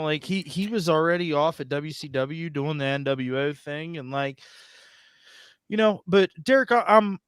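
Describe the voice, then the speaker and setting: A man's voice: a little high, clear, resonant tone, dry recording. A man co-hosting a casual wrestling podcast, making his points emphatically and swearing freely. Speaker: podcast co-host.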